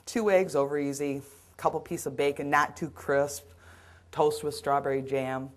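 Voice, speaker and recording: A middle-aged woman giving a caregiving seminar, telling stories from her work in an earnest, animated way. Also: low voice, normal speed. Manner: earnest, storytelling, acts out scenes. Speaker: dementia caregiving trainer. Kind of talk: seminar storytelling.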